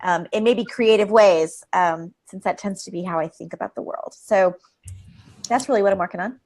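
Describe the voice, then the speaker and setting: Woman guest, lively, rambling delivery, interview setting. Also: mid-range voice, moderate pace. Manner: energetic, rambling, laughs often. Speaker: creativity expert guest. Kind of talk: live interview conversation.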